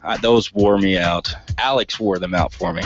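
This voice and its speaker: A man's voice: sits low, normal speed, faint music behind. A man hosting a morning radio show, chatting casually and laughing easily with his co-hosts. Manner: laid-back, laughs easily. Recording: slightly muffled radio broadcast.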